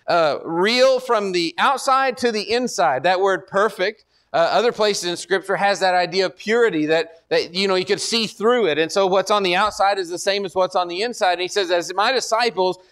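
A man's voice: normal speed, few pauses, a bit bright. A man preaching a sermon in an earnest way, often repeating words as he builds to a point. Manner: earnest, repeats words, rises in pitch and force when exhorting.

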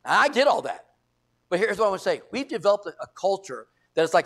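A man's voice: high voice, very animated, fast talker, fairly bright tone. A middle-aged man from the United States preaching a sermon as pastor, emphatic, repeating phrases and acting out quoted voices.

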